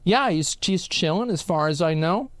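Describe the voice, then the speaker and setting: Lively, rambling male streamer. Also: high-pitched, moderate pace, no echo. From Texas. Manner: rambling, profane, full of filler words. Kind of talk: casual storytelling on a live stream.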